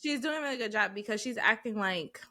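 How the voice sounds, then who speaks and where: A young woman co-hosting a podcast who speaks bluntly, swears freely and laughs often. Her voice sits a little high and sounds bright and forward in casual chat. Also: fast talker. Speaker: podcast co-host.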